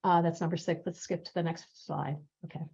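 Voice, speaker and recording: A woman giving a webinar talk on listening skills over a video call, lively and quick to laugh as she acts out example lines. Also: lowish voice, creaky, breathy edge. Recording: muffled video call audio.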